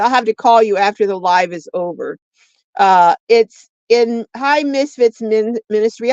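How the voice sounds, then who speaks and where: A woman's voice: on the high side, a little mellow, dry recording. Female livestream host, friendly rambling chat with viewers, dry lo-fi laptop sound. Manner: chatty, greets viewers by name and reads comments aloud.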